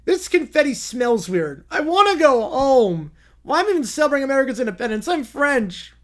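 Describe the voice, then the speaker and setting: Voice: high-pitched, big pitch swings, brisk, a bit bright, pitched above the performer's own voice. A streamer voicing a grumpy, homesick little kid in a read-aloud story, complaining sulkily. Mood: sulky.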